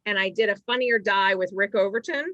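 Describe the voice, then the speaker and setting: A middle-aged woman from Massachusetts, a stand-up comedian telling rambling stories with quick asides in a casual chat. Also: medium pitch, fairly even intonation, sharp tone, no room sound. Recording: dry, slightly dull sound.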